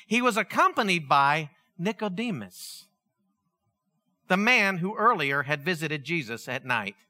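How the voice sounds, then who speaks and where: A man's voice: fairly high pitch, bright, forceful tone. A male pastor preaching a conversational sermon, acting out dialogue as he tells the story.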